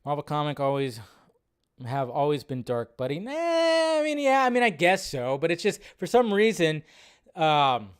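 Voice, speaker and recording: Guy doing a movie livestream, kinda high voice, gets loud and excited, swears a bit. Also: normal speed, clean tone. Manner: animated, swearing, reacting loudly. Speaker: livestream host. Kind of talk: casual film commentary livestream.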